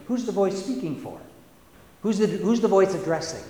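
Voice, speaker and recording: A male preacher giving a sermon in a church, speaking slowly and deliberately, with emphatic repetitions and conversational asides to the congregation. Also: high voice, animated, darkish tone. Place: church sanctuary. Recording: roomy church with long reverb.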